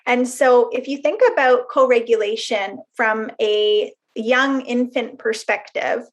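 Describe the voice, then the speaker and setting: Brief: woman, fairly high voice, webinar presenter, earnest and explanatory, with chatty asides. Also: steady tone, unhurried.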